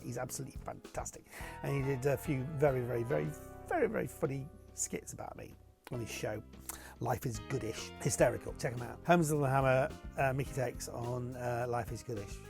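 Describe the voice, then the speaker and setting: A man's voice: medium pitch, fast talker, vocal fry, a little mellow, faint music behind. A man chatting casually to camera, answering viewer questions in a rambling, playful way.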